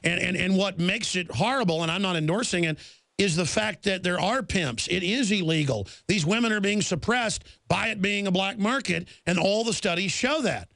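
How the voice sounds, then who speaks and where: A man's voice: high-pitched, normal speed, gravelly, fairly bright tone, dry recording. A man hosting an interview, talking fervently and emphatically, piling point on point. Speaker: host. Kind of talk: talk show interview.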